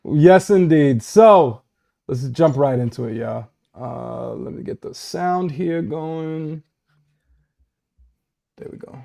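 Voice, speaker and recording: A relaxed man co-hosting a podcast, easily amused. His voice is warm and mellow, and it sits slightly high for a man. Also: takes it slowly, creaky, pauses often. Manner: laid-back and amused, laughs often. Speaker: podcast co-host. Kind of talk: casual chat.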